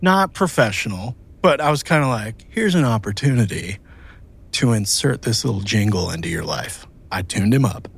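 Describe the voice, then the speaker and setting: A man's voice: on the low side, animated, moderate pace, creaky, slightly rough. A man who works as a police watch commander, telling blunt, swear-laden stories in casual chat.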